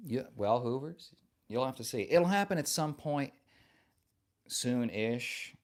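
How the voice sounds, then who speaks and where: A man's voice: mid-range voice, animated, takes it slowly. A man hosting a casual live stream, reading viewer comments aloud and answering them in a playful, joking and affectionate way.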